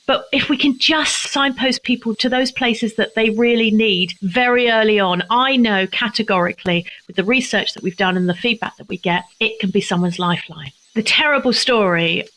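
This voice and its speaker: A woman's voice: fairly high pitch, normal speed, few pauses, fairly bright tone, poor audio. An older woman from England, a charity founder, answering interview questions in an earnest, heartfelt way, close to tears at times.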